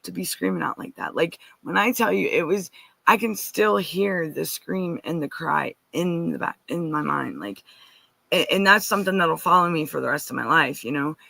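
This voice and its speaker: A woman's voice: deep voice, moderate pace, vocal fry, bright, forceful tone, no room sound. A woman giving an earnest, rambling personal account as a guest, often restarting and turning to ask listeners directly.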